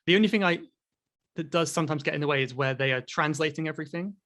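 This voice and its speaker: A man with a somewhat high voice talks casually about teaching English. He often repeats words as he begins a thought, and agrees along in a friendly way. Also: fast talker, fairly bright tone. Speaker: English teacher, podcast co-host. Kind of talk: casual chat.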